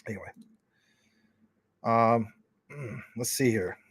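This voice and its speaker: A man chats casually on his livestream, reading out viewer comments and answering them. He rambles informally with plenty of fillers, at a middling pitch. The sound is dry and close. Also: slow pace, breathy edge, no room sound. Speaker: crypto livestream host.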